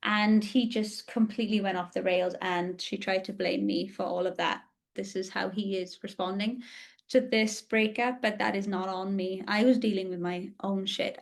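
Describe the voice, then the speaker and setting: Podcast host, woman, thirties, middle-pitched voice, candid first-person storytelling, confessional and open.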